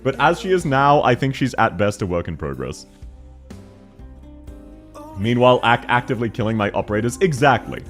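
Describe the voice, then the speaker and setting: A man's voice: mid-range voice, big pitch swings, moderate pace, long pauses, faint music behind. An Australian man streaming and chatting casually, joking and laughing often with crude banter. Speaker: game streamer. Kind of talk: casual livestream chat.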